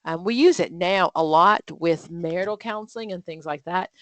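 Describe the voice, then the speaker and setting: A woman's voice: lowish voice, normal speed, no room sound. A woman instructor leading an exam prep study group, reading practice questions aloud and then quizzing and explaining in a chatty way, with frequent fillers and self-corrections. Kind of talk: live online study group lesson.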